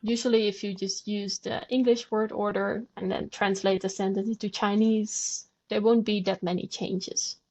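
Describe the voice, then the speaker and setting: A woman's voice: medium pitch, flat delivery, moderate pace, few pauses, warm tone. A woman guest on a podcast, patiently explaining language and demonstrating sounds aloud. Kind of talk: conversational explanation.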